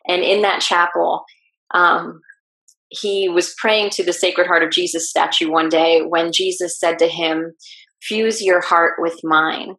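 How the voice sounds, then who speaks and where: A woman guest telling a personal story in an interview, lively and acting out what people said. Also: fairly low pitch. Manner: animated, acts out quoted speech. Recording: roomy echo.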